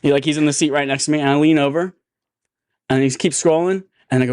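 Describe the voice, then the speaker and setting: Podcast dude telling stories, swears a ton, animated, dry close mic. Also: male voice, a little high, fast talker, clear, resonant tone, dry recording. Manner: animated, profane storytelling. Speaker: podcast co-host. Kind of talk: casual chat, storytelling.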